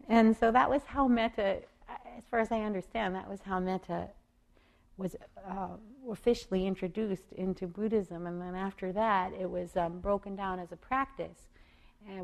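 A woman giving a gentle, unhurried meditation talk, with soft fillers and small laughs. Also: lowish voice. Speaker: meditation teacher and singer. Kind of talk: gentle spoken dharma talk.

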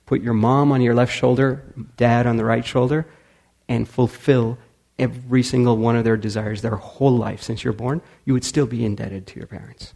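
Brief: male speaker, gravelly and husky, animated storyteller. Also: medium pitch, moderate pace. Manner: animated storyteller acting out quotes. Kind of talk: storytelling talk.

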